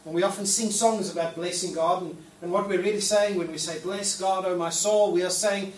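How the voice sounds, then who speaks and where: A man's voice: high voice, fairly even intonation, fairly quick, few pauses. A man preaching a sermon in a church hall. He talks in a casual, playful way and acts out the prayers he quotes. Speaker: pastor. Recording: echoey room, mic at a distance, faint noise.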